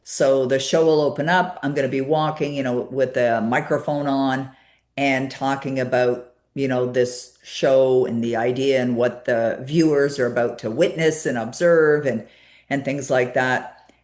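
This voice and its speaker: Low-voiced woman telling a story. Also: measured pace, roomy sound. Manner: storytelling, animated retelling with many fillers. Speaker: guest. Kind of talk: conversational interview.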